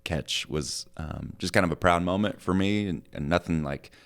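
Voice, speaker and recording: A father in a casual podcast chat, speaking calmly with a few fillers. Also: deep voice, clean tone. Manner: calm and unhurried with fillers. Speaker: parent guest.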